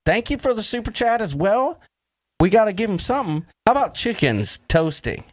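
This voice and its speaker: A man's voice: sits high, big pitch swings, normal speed. A man hosting a casual livestream chat, jokey and upbeat, reading out viewers' names and throwing in puns. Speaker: host.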